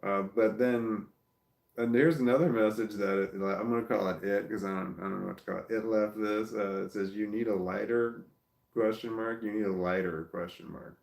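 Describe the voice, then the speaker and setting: A man with a Southern American accent, talking casually as he reads viewer comments aloud. His voice sits fairly low, and his talk rambles and stops and starts between small chuckles. The room around him sounds echoey. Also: fairly even intonation, fairly quick, gravelly. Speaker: vlogger reading live comments. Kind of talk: casual livestream chat.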